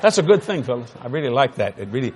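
A man preaching a sermon, telling a funny story with laughter and sudden shouts. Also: medium pitch, quick pace, slight background noise. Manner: animated, laughing, bursts into shouts.

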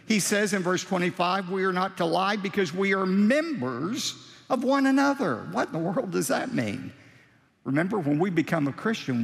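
A man preaching a sermon as a pastor, with animated delivery and slow, dramatic emphasis on key phrases. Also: sits high, vocal fry, big-room sound.

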